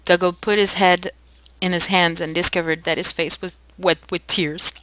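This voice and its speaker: A woman's voice: on the low side, little pitch movement, normal speed, a bit bright, highs cut off, slight background noise. A woman co-hosting a podcast, reading a novel aloud in a casual way with acted quotes and jokey asides. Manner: reads with acted quotes, breaks off laughing.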